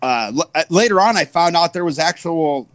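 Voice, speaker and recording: A man in his forties from the US Midwest, a wrestler telling animated stories in an interview, full of fillers. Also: a little high, moderate pace, dry recording. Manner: animated, full of fillers, acts out others' voices. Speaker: wrestler guest. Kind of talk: storytelling interview.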